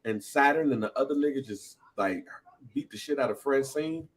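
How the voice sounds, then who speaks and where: A man, co-hosting a casual podcast, talking excitedly with frequent laughs and high, animated bursts. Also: normal speed. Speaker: podcast co-host.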